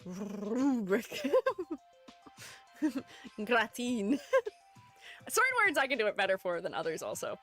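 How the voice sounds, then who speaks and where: Faint music plays behind this woman streamer, whose mid-range voice swoops wildly in pitch at a moderate pace with a sharp tone. Critiquing art in casual live-stream chat, she rambles, giggles at herself, and is self-deprecating.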